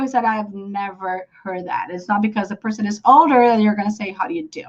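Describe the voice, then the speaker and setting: Chatty Brazilian woman teaching English, high voice. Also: moderate pace. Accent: Brazilian Portuguese. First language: Portuguese. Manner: chatty, explains with many fillers and apologies. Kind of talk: live online lesson. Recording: dull lo-fi stream audio.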